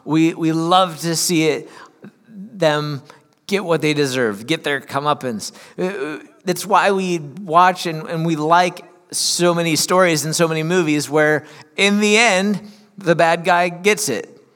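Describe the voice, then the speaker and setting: A man's voice: on the high side, measured pace, a bit bright, in a large hall. A male pastor giving a sermon in a church, mixing reading aloud with candid, conversational asides.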